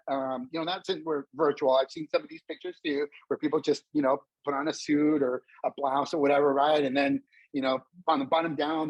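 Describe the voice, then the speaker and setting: Husky-voiced man giving a lively webinar. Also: on the high side, no echo, lo-fi sound. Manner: energetic, addresses the audience as folks, acts out dialogue; speaks standing up. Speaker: webinar presenter and career coach. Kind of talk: motivational webinar talk. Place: indoors, a vacation spot. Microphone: video call.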